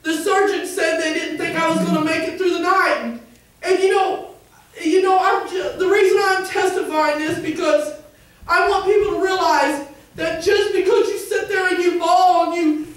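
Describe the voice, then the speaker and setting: A woman with a Southern Illinois accent gives a church testimony in an extremely high voice. She speaks haltingly, with many restarts, and swells into fervent cries. She is picked up from a distance, deep in a very echoey sanctuary. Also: fairly even intonation. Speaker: church member giving testimony. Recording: very echoey church, recorded from afar.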